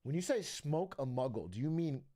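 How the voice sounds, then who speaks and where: Young male streamer, expressive pitch, loose profane chatter. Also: moderate pace. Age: young adult. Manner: rambling, profane, laughs often. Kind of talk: casual stream chat.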